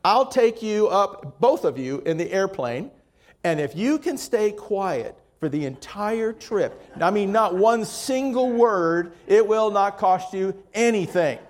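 A man voicing a wily male pilot who lays out a deal in slow, drawn-out salesman patter. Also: high voice, animated. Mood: scheming.

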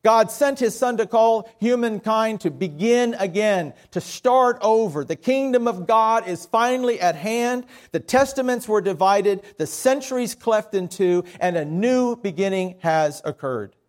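A man's voice: high voice, animated, a little slow, few pauses. A middle-aged man with a Southern US accent preaching a sermon as pastor, folksy and self-deprecating.

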